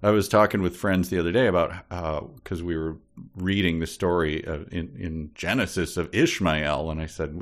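A man's voice: sits low, steady tone, moderate pace. A man co-hosting a comedy podcast, playful and sarcastic in casual chat. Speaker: podcast co-host.

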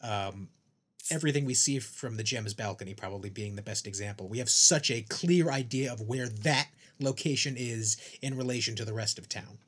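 A man's voice: medium pitch, moderate pace, a bit bright, husky. A man co-hosting a podcast, talking through a TV series thoughtfully and often restarting his sentences. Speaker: podcast co-host. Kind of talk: casual chat.

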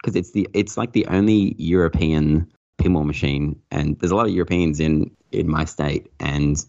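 A man's voice: very deep voice, normal speed. A man, a guest on a pinball podcast, chatting casually, swearing and laughing as he tells stories. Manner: sweary, laughing, animated storytelling. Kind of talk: casual chat. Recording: muffled lo-fi mic.

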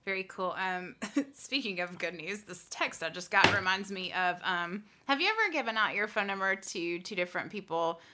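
A woman's voice: medium pitch, animated, normal speed, few pauses, heavy background noise. A woman co-hosting a casual podcast, telling stories animatedly, laughing often and acting out the people she quotes. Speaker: podcast co-host.

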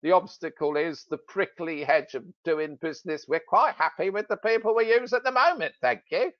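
A British man tells a story with jokey, self-mocking humor in casual podcast talk, his pitch rising and falling freely. His voice sits a bit high for a man. The recording is dry and somewhat dull, like lo-fi audio. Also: animated, moderate pace, dry recording. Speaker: sales expert and author.

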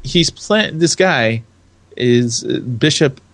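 A man's voice: medium pitch, expressive, slow pace. A young adult man from California co-hosting a casual podcast chat, rambling, restarting his sentences and laughing often. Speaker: podcast co-host.

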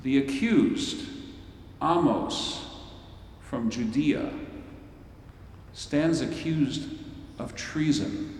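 A preacher putting on a grave high priest who addresses his court in slow, weighty, formal phrases. His voice carries from a distance through a long-echoing hall, with a faint rumble underneath. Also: darkish tone. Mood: solemn. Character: solemn stately male high priest presiding at a trial. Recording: roomy hall, voice from far off.

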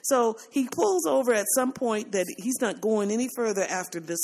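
A woman's voice: fairly high pitch, normal speed, a little hiss or hum. A woman hosting a podcast in casual chat, telling a story with lots of laughter and acted-out quotes. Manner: animated storytelling, laughs often, acts out quotes. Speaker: podcast host.

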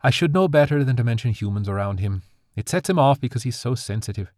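A man's voice: medium pitch, animated, fast talker, a little mellow, no echo, clean studio sound, pitched above the performer's own voice, close to an everyday voice. A man doing a firm, protective fairy mother. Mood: gentle.

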